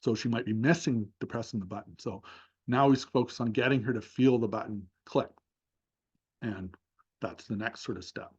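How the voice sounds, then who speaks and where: A man's voice: mid-range voice, moderate pace, a little mellow, slightly rough, muffled recording. A man giving a seminar talk over a video call, thoughtfully narrating a session step by step with many fillers. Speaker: seminar speaker.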